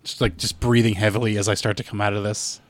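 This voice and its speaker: A man playing a tabletop role-playing game, describing his character's actions haltingly with many restarts. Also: lowish voice, little pitch movement, slight background noise. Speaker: player. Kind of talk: casual tabletop role-play.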